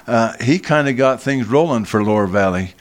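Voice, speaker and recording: An older man, a guest in a radio studio, telling a long personal story slowly, with frequent restarts and repeated words. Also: medium pitch, expressive. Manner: slow, halting, with many restarts.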